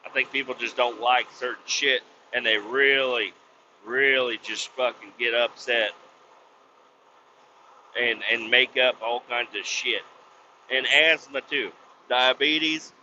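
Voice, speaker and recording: A man hosting a podcast, ranting bluntly with lots of swearing and sudden loud outbursts. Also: medium pitch, fairly even intonation, slow, slight background noise. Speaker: podcast host. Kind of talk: profane comic rant. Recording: slightly dull lo-fi recording.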